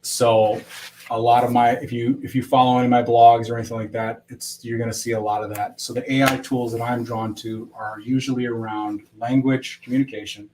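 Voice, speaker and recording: A man's voice: mid-range voice, level tone, a little fast, darkish tone, a little hiss or hum, rough recording. Rambling male livestream guest. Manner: loose, rambling, lots of fillers. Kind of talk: casual livestream chat.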